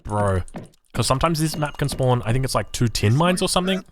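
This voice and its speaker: A man's voice: mid-range voice, expressive, brisk. An Australian man streaming a strategy game, rambling casually and reading chat aloud. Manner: rambling, chatty, swears, reads chat aloud.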